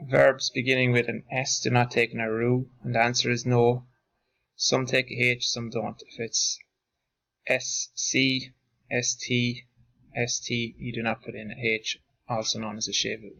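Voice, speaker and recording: A male teacher reading out verb forms in lists and explaining their pronunciation in a slow, deliberate drill. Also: mid-range voice, flat delivery, vocal fry, a bit bright, poor audio.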